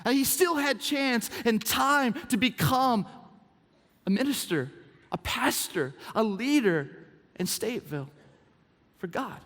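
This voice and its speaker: A man preaching a sermon as pastor, telling stories in an animated way, swinging from hushed to exclaiming. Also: very high-pitched, unhurried, pauses often. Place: church auditorium. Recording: reverb from a large hall.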